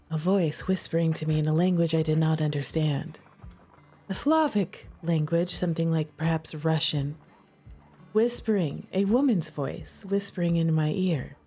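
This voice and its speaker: A woman telling a ghost story in a chatty, animated way, full of restarts and fillers. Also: medium pitch. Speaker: streamer. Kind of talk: casual storytelling.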